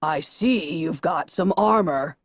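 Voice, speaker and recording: Lady doing a low slow voice coming out of a hovering robot ball, calm and preachy, kinda hesitant. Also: no echo, clean studio sound. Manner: calm, lecturing, slightly hesitant. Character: disembodied voice speaking through a flying robot orb.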